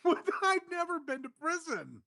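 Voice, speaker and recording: A man's voice: very high-pitched, huge pitch swings, moderate pace, gravelly, pushed and bright, no room sound, studio quality. A man co-hosting a podcast, defensively protesting and denying the teasing. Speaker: co-host. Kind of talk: casual podcast chat.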